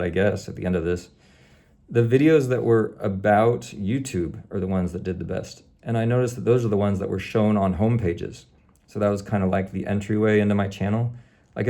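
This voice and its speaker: A man's voice: fairly low pitch, creaky, warm tone. A man talking to camera in a candid, rambling vlog, sounding weary and reflective. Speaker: YouTube creator.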